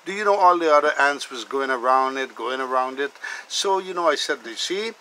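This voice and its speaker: A man's voice: mid-range voice, expressive, a little fast, pushed and bright, slight background noise, rough recording. A man hosting a cooking video, chatting enthusiastically as he cooks and tells stories. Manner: chatty, enthusiastic, calls the food "bad boy". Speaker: cooking channel host. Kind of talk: casual cooking demonstration with storytelling.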